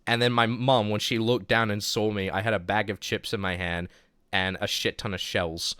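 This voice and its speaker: A man's voice: fairly low pitch, steady tone, normal speed, sharp tone, smooth, no room sound, clean studio sound. A man from New Zealand with a New Zealand accent, telling stories in a loose, rambling streaming chat full of filler words. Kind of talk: casual chat storytelling.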